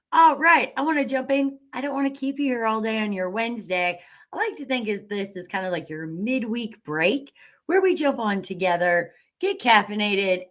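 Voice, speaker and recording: A woman's voice: mid-range voice, a bit bright. Bubbly woman hosting a cheerful live stream. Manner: bubbly and enthusiastic, cheering viewers with whoops. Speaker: livestream host. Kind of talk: upbeat live-stream chat with viewers. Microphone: webcam.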